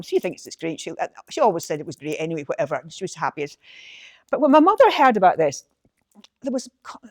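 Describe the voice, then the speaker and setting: An older woman with a broad North-East Scottish Doric accent speaks at an ordinary middle pitch, her voice close and dry with no room around it. She recites verse and reminisces in a lilting, chatty way, often restarting her sentences mid-thought. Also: a little mellow, no echo. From Ballater, Aberdeenshire, Scotland. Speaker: storyteller sharing family memories. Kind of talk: poem recital and reminiscing talk.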